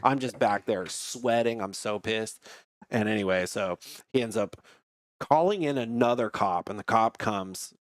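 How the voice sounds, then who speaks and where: A man, a professional stunt rider, telling a story as a podcast guest in a lively, profane, animated way. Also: lowish voice, unhurried, no echo, clean studio sound.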